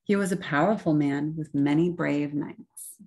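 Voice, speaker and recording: With a deep voice, a woman acting as a church storyteller reads from a picture book at a slow, expressive pace, supplying all the sound effects on her own.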